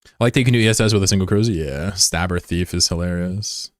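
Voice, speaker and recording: A man streaming a game and chatting casually, rambling and swearing, who jumps into high-pitched shouting when something excites him. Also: fast talker, no room sound, clean studio sound. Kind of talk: casual live-stream chat over gameplay.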